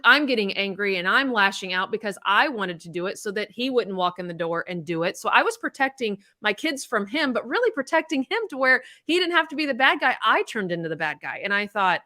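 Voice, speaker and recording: A woman's voice: medium pitch, lively intonation, fairly quick, sharp tone. A middle-aged woman, a podcast co-host, telling a personal story in candid casual chat, blunt and swearing freely.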